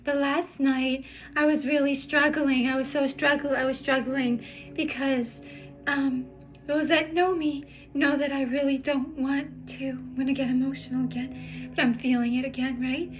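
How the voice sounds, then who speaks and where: A tired woman sharing her personal story in a heartfelt vlog, halting and emotional, with many fillers and restarts. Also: high-pitched, little pitch movement, poor audio. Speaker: spiritual vlogger. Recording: music playing in the background.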